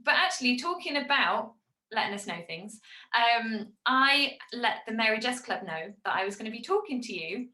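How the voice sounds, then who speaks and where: Bright-voiced woman podcast host. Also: on the high side, expressive, moderate pace. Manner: upbeat, plugs her subscription club. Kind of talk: casual video podcast chat. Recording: echoey room.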